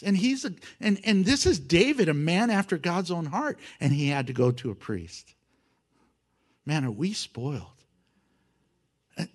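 A man preaching a sermon, animated, swinging from loud emphasis to hushed, intimate asides and acting out prayers with humor. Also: high voice. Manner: acts out prayers and voices with humor. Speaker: pastor.

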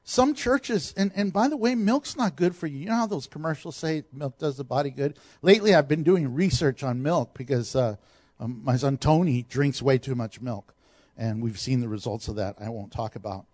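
A middle-aged man preaching a sermon, animated, with laughs and asides to the congregation. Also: mid-range voice, moderate pace, no room sound. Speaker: pastor.

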